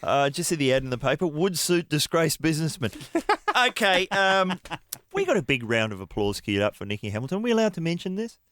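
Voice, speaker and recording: A man's voice: fairly high pitch, very animated, brisk, a bit bright. A man hosting comedy radio, trading wry asides with a chuckle. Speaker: radio host.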